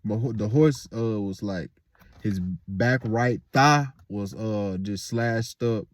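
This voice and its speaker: A man's voice: on the low side, slow, no room sound. A young man casually telling a story, rambling and full of filler words and swearing.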